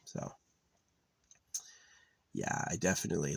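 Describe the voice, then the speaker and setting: Deep-voiced and expressive, a vlogger rants at a moderate pace with no echo, cursing freely. His casual monologue is exasperated, and he mimics the people he argues with in mocking put-on voices.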